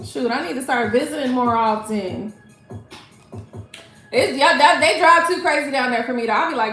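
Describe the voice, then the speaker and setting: A middle-aged woman hosting a casual live tarot reading, chatting loudly with viewers, laughing often and swearing freely. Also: high-pitched, normal speed. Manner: loud, laughing, profane and chatty, greets viewers. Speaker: tarot reader livestream host. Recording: echoey room with faint music.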